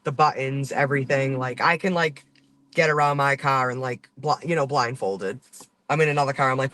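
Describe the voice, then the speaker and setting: A man's voice: medium pitch, fairly quick, bright, forceful tone, no echo. A man from Boston hosting his channel, chatting casually from inside a car in a loose, rambling way full of fillers and swearing. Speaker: channel host. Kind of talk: casual driving vlog chat.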